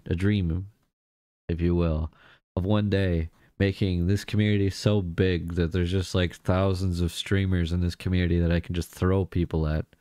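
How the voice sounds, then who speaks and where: A man's voice: sits low, darkish tone, dry recording, studio quality. A man streaming live, chatting casually and greeting viewers one by one. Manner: chatty, greets viewers by name, laughs easily.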